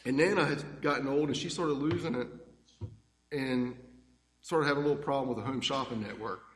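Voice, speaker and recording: A man's voice: mid-range voice, fairly quick. A man telling fond, rambling family stories in a eulogy, speaking in a church. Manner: warm, rambling, fond anecdotes. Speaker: grandson giving a eulogy. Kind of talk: heartfelt eulogy storytelling. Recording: echoey church hall with long reverb.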